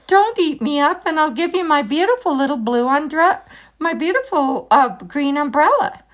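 A timid little storybook boy, as a woman reading aloud puts him on, pleading and fretful in a high, bright voice. He swoops up and down as he begs. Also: expressive, moderate pace. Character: small pleading boy, timid but clever.

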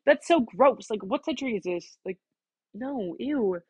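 A woman's voice: on the high side, expressive, measured pace, slightly rough, no echo. A teenage girl venting to the camera from her bedroom in a chatty, casual rant, filling every phrase with "like" and swearing freely. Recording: dull, lo-fi dry recording.

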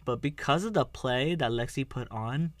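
A man's voice: medium pitch, normal speed, heavy background noise. A man hosting a casual podcast, talking in a rambling way with many fillers. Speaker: podcast host. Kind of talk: casual chat.

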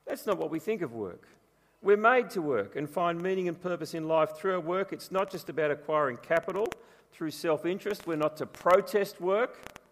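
Pastor with a fairly high voice. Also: male voice, lively intonation, moderate pace. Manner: chatty storytelling with humour. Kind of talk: sermon. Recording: long reverb from a large room.

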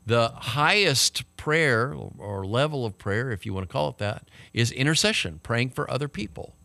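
A man's voice: mid-range voice, sing-song, moderate pace, gravelly, sharp tone, no echo. A man with a Texan accent, teaching a Bible study as pastor and often checking in with his class. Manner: conversational teaching, talks to the class with "okay?" and "right?". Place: church study group, small room.

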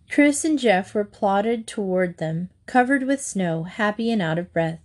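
A woman reading a children's book aloud in a steady, gentle storytelling manner. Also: mid-range voice, measured pace, few pauses. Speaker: reader.

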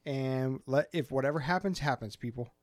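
A man co-hosts a casual podcast chat at normal speed and an ordinary middle pitch, talking freely and animatedly. He acts out little scenes and voices in his anecdotes. The sound is close and dry, with no room sound.

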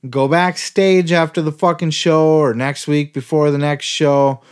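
A man's voice: a little high, steady tone, unhurried, clean tone. A man hosting a podcast, ranting in a heated, sarcastic way and swearing constantly. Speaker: podcast host. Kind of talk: profane ranting podcast commentary.

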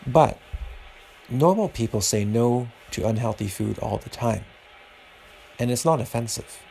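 Gravelly-voiced man, earnest podcast talk. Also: medium pitch, unhurried, mellow, a little hiss or hum, low-quality recording. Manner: earnest, preachy and rambling. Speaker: podcast host. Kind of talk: casual podcast monologue.

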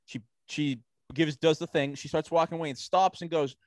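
A man's voice: fairly high pitch, steady tone, moderate pace, no room sound, clean studio sound. A man co-hosting a podcast, telling a profane anecdote in casual chat and acting out the quotes. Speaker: podcast co-host.

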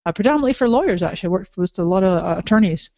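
A woman's voice: medium pitch, lively intonation, rapid-fire, mellow, no room sound. A middle-aged woman with a slight Scottish accent, an upbeat guest telling her story in a podcast interview with frequent laughs. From Canada, raised partly in Scotland. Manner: upbeat, enthusiastic, laughs often. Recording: dry, slightly dull audio.

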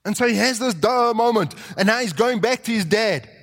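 Pastor guy preaching, high voice, gets loud and lively, big echoey church hall. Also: fairly quick. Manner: animated preaching, rising to shouts, acting out quotes. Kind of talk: sermon. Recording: long reverb of a large hall.

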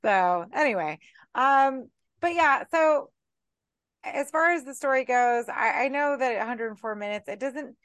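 A woman co-hosting a horror podcast in casual chat. She talks with animated energy and swears freely through her rants. The recording is dry and close. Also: high voice, a little slow, clean tone, no room sound. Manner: animated, profane, ranting. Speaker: podcast co-host.

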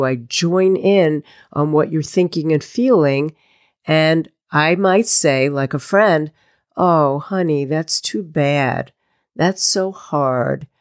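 A woman coaching listeners in a solo podcast, giving blunt tough-love advice and acting out their self-talk. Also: sits low. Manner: direct, tough-love pep talk with imagined quotes. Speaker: life coach.

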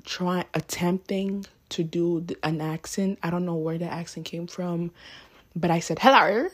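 A woman's voice: fairly low pitch, flat delivery, a little slow, a little mellow. A young woman in her late teens, hosting her own podcast and telling a story in a rambling, casual way, often correcting herself and asking "you know what I mean," recorded on a phone. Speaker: podcast host. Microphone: phone mic.

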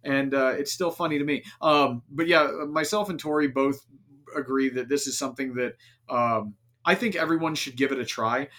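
A man's voice: medium pitch, moderate pace, a bit bright. A man hosting a casual podcast, talking in a loose, rambling way full of fillers and restarts. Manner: rambling, filler-heavy, self-interrupting. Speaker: podcast host.

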